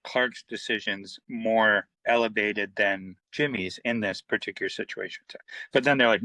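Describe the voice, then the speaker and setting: Bright, animated middle-aged man. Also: on the low side, normal speed, no room sound, poor audio. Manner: animated, acts out quoted dialogue, many fillers. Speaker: comic book writer, guest. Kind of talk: casual storytelling interview.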